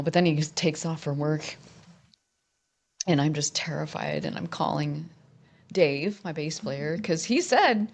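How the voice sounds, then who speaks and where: A woman in her fifties, a musician guest in an interview, talking candidly and rambling with many restarts as she tells her story. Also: low-pitched.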